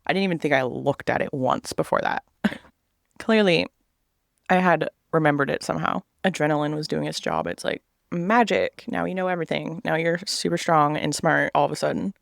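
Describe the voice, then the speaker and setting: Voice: mid-range voice, brisk, gravelly, no room sound, studio quality. A man in his thirties telling a personal story in a casual vlog chat, swearing freely and acting out what other people said.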